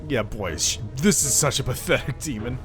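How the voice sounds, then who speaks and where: A man's voice: medium pitch, normal speed, a bit bright, faint music behind. A man streaming a game, chatting casually and reading the game's dialogue aloud.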